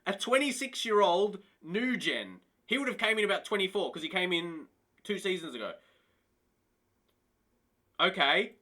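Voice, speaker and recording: Guy streaming a football manager game, high bright voice, keeps talking to chat and going what is going on. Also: moderate pace, pauses often. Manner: excitable, talks to chat, laughs and exclaims in disbelief. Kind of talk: casual live-stream commentary.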